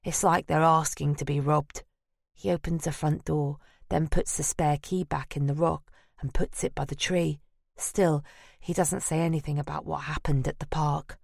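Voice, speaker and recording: A woman's voice: deep voice, steady tone, normal speed, creaky, warm tone, no room sound. A woman narrating a first-person audiobook in a wry, dry manner. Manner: wry and dry, present-tense telling.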